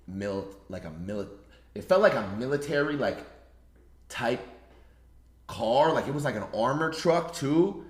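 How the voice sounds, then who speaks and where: A young adult man, a streamer, telling a story in a casual, animated way, full of slang and cursing. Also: mid-range voice, fairly quick. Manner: animated, slangy, swears freely. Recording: roomy echo.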